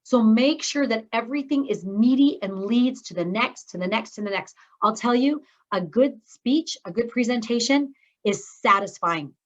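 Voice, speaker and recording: A woman's voice: fairly high pitch, lively intonation, normal speed, dull audio. Upbeat woman coaching a speaking course. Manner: upbeat, encouraging, talks straight to her students. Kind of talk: teaching a course session.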